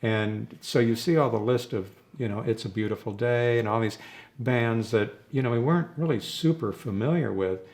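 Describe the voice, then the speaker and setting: A man's voice: mid-range voice, moderate pace, darkish tone. An older man, a rock drummer, reminiscing in a rambling, casual way during an interview and chuckling between his stories.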